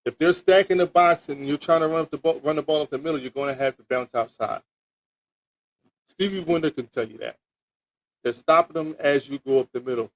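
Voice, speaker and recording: A man's voice: a little high, brisk, no echo, poor audio. A man hosting a sports talk show, rambling through football picks and teasing his live chat, with lots of repeats and restarts. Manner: rambling, repeats words, teasing chat with mock toilet flushes.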